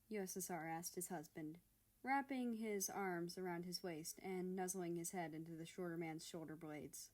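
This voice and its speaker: A woman narrating a fan fiction story in a steady storytelling manner. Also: lowish voice, moderate pace.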